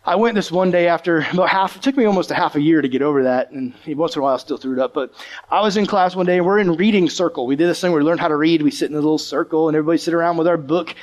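Male preacher, high-pitched, animated sermon storyteller who acts out the voices. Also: rapid-fire. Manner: animated, acts out the voices of the people in his stories. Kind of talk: storytelling sermon to a live audience.

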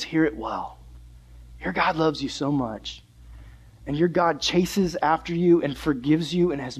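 Animated, high-voiced young male preacher. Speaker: youth pastor. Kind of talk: sermon.

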